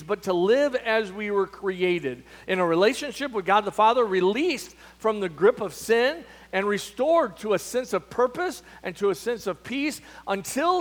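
A man with a high, fairly bright voice preaches a sermon as pastor in a church sanctuary, emphatic and full of restarts and fillers. A long hall reverb fills the recording.

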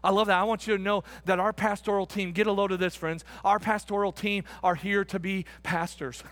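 A man preaching a sermon as pastor, emphatic and repetitive, calling the congregation friends, building to excited shouts and then dropping to a quiet, close tone. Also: high voice, brisk, dry recording. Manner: emphatic, repeats phrases, addresses the congregation as friends. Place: church sanctuary.

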